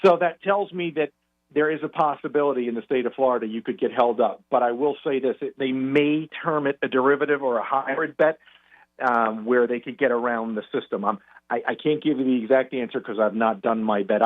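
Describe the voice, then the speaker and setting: Man explaining finance over a tinny phone line. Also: medium pitch. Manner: measured, explanatory, with repeated restarts. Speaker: guest financial commentator. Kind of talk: phone-in radio chat. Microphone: telephone call.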